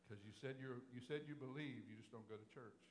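A man who is a pastor, preaching a sermon as a story, swinging between loud preaching and low murmured retelling. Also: fast. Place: church sanctuary. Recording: long hall reverb, faint hum.

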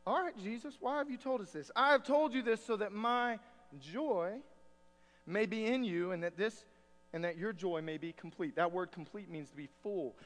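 Preaching in a folksy, chatty style, a pastor with a high, slightly bright voice weaves scripture readings together with homespun stories. The church sanctuary gives his voice a long, lingering reverb.

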